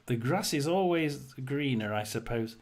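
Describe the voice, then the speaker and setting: A man's voice: mid-range voice, animated, measured pace, darkish tone. A man hosting a casual livestream, chatting with viewers and reading their comments, rambling with many fillers and restarts. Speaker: livestream host.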